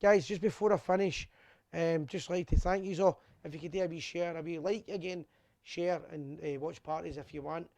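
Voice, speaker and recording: Scottish man, gravelly, slightly high voice, tipsy, rambling live-stream chat, dry close sound. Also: steady tone, moderate pace, dry recording. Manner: chatty, rambling, shouts out viewers by name. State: a bit drunk. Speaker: host of a fan live show. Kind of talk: casual live-stream chat, reading out viewer messages.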